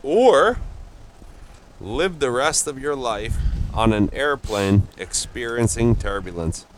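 A man's voice: medium pitch, expressive, slow, a little hiss or hum, rough recording. A man on a casual podcast, joking crudely and teasing the others. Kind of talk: casual chat.

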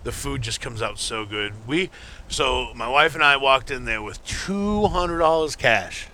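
A man's voice: mid-range voice, expressive, measured pace, pushed and bright. A man co-hosting a casual podcast chat, blunt and profane, laughing often.

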